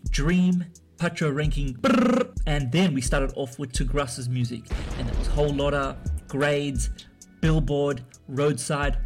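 A man hosting a radio show from a studio, his voice sitting a little high. He rambles along loosely, stumbling over fillers and restarting his sentences, with soft music playing faintly underneath. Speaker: radio host.

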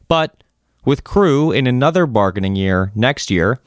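A man delivering a scripted news report in a measured, even read. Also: mid-range voice, dry recording, clean studio sound.

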